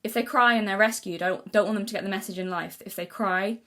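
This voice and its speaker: A woman's voice: medium pitch, fairly even intonation, fast talker, fairly bright tone. A young woman vlogging in casual unscripted talk, earnest and rambling, with many restarts and self-corrections. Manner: earnest, thinking aloud.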